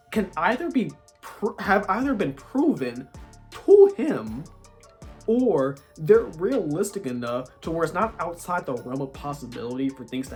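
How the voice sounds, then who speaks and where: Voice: medium pitch, darkish tone. A TV show reviewer giving a casual, exasperated recap, talking in a ranting way and saying "like" constantly. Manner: exasperated, ranting, heavy use of "like". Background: faint background music.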